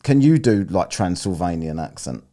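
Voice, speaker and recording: A man's voice: deep voice, big pitch swings, moderate pace, dark tone. A man streaming, chatting crudely and teasing an AI companion. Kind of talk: casual chat.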